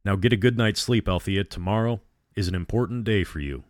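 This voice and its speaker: Silky vampire tempter, read by a deep-voiced man. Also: brisk, no echo, studio quality, natural voice. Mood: cold. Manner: soft, silky and coaxing.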